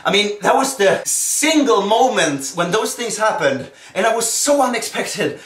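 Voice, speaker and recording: A young man from Sweden with a Swedish accent, gushing and swearing through an excited rant about a co-op game. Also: high-pitched, unhurried. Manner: animated, swears a lot, gushing. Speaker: video game ranter. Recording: echoey room, distant from mic.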